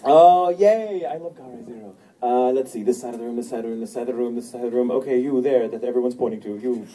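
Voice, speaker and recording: A man's voice: medium pitch, fairly even intonation, rapid-fire, warm tone. A man in his thirties, a voice actor telling stories at a fan convention Q&A, laughing often and acting out quotes. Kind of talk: convention Q&A storytelling. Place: convention panel room. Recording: distant fan recording with room noise.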